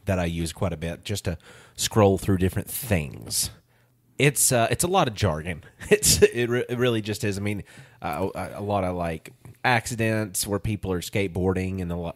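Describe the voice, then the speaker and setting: A man co-hosting a podcast in casual chat, rambling and correcting himself as he goes. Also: low voice. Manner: rambling, self-correcting, laughs easily. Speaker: podcast co-host.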